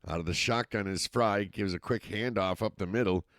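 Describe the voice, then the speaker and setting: Male play-by-play announcer, Massachusetts accent, low voice, dry close mic. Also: moderate pace, no room sound. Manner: steady play-by-play, rising excitement on scoring plays. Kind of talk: youth football commentary.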